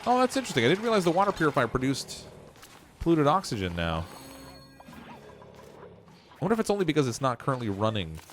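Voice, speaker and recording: A man's voice: on the high side, very animated, brisk, pauses often, a bit bright, soft background music. A Canadian man streaming a game, thinking aloud and poking fun at his own messy builds. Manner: self-mocking, thinks aloud while building. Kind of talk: casual livestream commentary.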